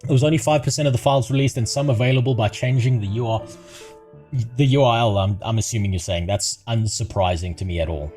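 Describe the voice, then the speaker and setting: A man's voice: mid-range voice, quick pace, a little mellow. Male streamer, profane and joking, live casual commentary with faint background music. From South Africa. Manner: crude, profane, laughs at his own jokes. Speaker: livestreamer.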